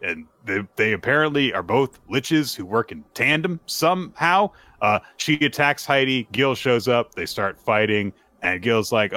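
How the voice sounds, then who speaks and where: A man hosting a podcast, retelling a manga chapter in a casual, animated and playful way. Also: fairly low pitch, moderate pace, few pauses, dry recording. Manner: animated, playful, acts out characters. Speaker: podcast host.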